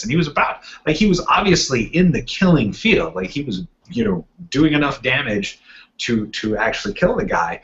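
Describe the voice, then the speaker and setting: On a gaming podcast, one of the male co-hosts rambles through long stories, voicing the quotes of the people involved. He speaks at medium pitch with a sing-song, slightly bright voice at a moderate pace, over muffled, lo-fi podcast audio.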